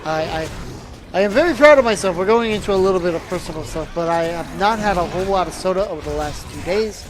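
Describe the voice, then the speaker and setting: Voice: mid-range voice, expressive, quick pace, noisy background. Tired, rambling gameplay commentator. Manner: rambling, with frequent restarts and trailing asides. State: tired, yawning. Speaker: channel host.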